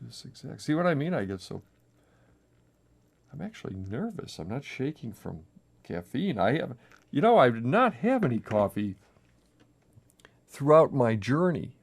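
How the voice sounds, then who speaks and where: A man hosting a coffee brewing video at home, talking in a halting, self-interrupting, nervously chatty way while he brews for the camera. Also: medium pitch, huge pitch swings, gravelly, slightly rough. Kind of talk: casual on-camera brewing demo. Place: home kitchen. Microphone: camera mic with a crew.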